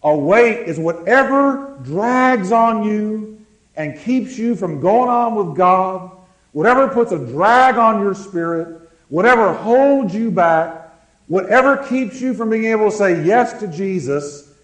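A man preaching a sermon, calling on the congregation to answer and slowing down to stress words. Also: high-pitched, lively intonation, fairly bright tone, reverberant, low-quality recording. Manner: preaching with call-and-response, slowing words for emphasis. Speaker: pastor.

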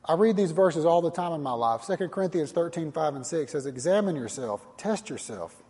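Male pastor with a husky, slightly high voice, preaching earnestly in a church hall with long reverb. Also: animated, a little fast, darkish tone. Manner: earnest, repetitive preaching with direct challenges to listeners. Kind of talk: sermon.

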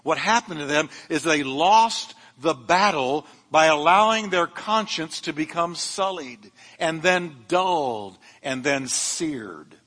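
A man's voice: on the high side, expressive, slow pace, few pauses, a bit bright. Man preaching in an echoing church. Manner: fervent preaching with humorous asides. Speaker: pastor. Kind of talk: sermon. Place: church sanctuary.

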